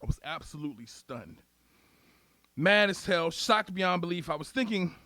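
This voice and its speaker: A young man telling a profane, wry first-person story in a deadpan way. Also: on the high side, moderate pace, no room sound. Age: young adult.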